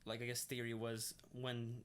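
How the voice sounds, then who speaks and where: A young man co-hosting a casual podcast, talking excitedly, swearing freely and often restarting his sentences. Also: medium pitch, normal speed, smooth. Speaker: podcast co-host. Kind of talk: casual chat.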